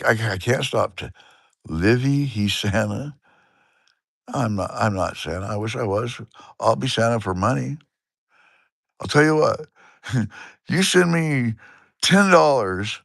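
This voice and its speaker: Gravelly low-voiced man chatting on a livestream. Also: fairly bright tone, no room sound, studio quality. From Washington State. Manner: chuckling, self-deprecating, chats with viewers. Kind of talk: rambling casual livestream chat.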